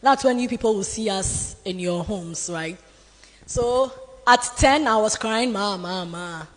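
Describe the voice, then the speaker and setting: A woman with a Ghanaian English accent, a newscaster telling an animated, dramatic story about her career. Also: a little high, measured pace. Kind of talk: motivational storytelling talk. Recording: long hall reverb.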